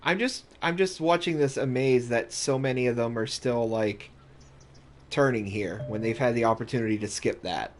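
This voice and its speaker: A man's voice: medium pitch, moderate pace, slight background noise. A man giving casual let's-play commentary, rambling and thinking aloud with restarts as he plays. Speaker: gaming YouTuber.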